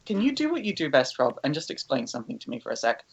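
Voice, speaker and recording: A man's voice: mid-range voice, huge pitch swings, quick pace, vocal fry, heavy background noise. A man, a podcast co-host, speaking earnestly and hesitantly in casual chat. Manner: earnest, hesitant, many fillers.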